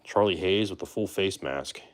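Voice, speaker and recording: A man with a low, deep voice hosts a live stream in a relaxed, chatty way. He talks loosely with plenty of fillers and asides to his viewers. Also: normal speed. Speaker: livestream host opening baseball card boxes. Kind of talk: casual live-stream commentary.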